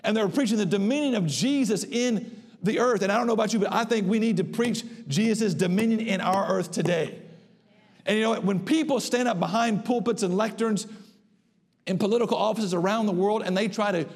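In a church hall with long reverb, a male pastor delivers an emphatic sermon to his congregation. To press each point, he slows his delivery and lets his pitch climb.

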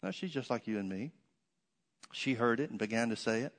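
A man's voice: mid-range voice, fairly quick, long reverb tail. A man preaching a sermon, telling a story and repeating key phrases for emphasis.

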